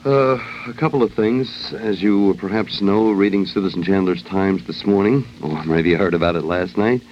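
On a dull, lo-fi old radio recording with a faint hiss, a low-voiced male host riffs through a loose comic monologue at normal speed, wry and full of jokes.

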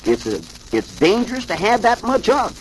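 A man doing a small-town comic-strip hustler who will do anything for a price. He talks in excitable, raised bursts of warning, pitched well above a normal speaking voice. His delivery is loud and theatrical. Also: normal speed, a little hiss or hum, low-quality recording. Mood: blustery.

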